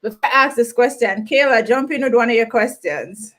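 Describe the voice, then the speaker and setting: Woman host, playful, teasing, a bit high-pitched. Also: fairly quick, a bit bright. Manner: playful, teasing, laughs often. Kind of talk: hosting a group video chat.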